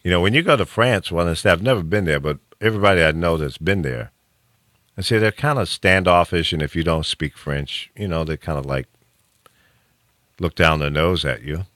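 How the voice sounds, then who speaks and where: A man hosting a radio talk show in casual, opinionated chat, emphatic and quick to laugh. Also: low voice, no echo, clean studio sound. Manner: animated, emphatic, laughs often. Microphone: studio mic.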